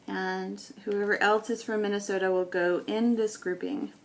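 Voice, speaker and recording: A woman's voice: mid-range voice, steady tone, slight background noise. A woman from New England who makes scrapbooking videos, talking casually and thinking aloud as she sorts old photos. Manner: thinking aloud, unhurried, with many ums. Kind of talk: casual talk while sorting photos.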